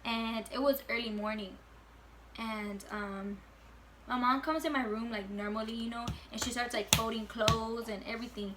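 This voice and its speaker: A woman's voice: a little high, fairly even intonation, normal speed, heavy background noise. Chatty teen girl telling a storytime. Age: late teens. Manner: chatty, lots of fillers, swears freely. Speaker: vlogger. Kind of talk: casual storytime chat. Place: at home with her baby.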